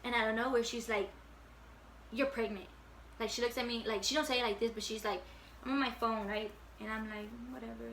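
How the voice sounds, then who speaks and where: A woman's voice: a little high, fairly even intonation, quick pace, a bit bright, a little hiss or hum. A woman in her late teens telling a casual storytime at home, chatty and full of fillers, swearing freely. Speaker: vlogger.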